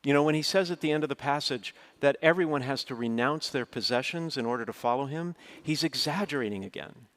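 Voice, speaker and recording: A man's voice: mid-range voice, brisk, hardly any pauses, fairly bright tone. A middle-aged man preaching a sermon, telling a personal story in an earnest, storytelling way, his voice rising sharply when he quotes his own words. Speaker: pastor.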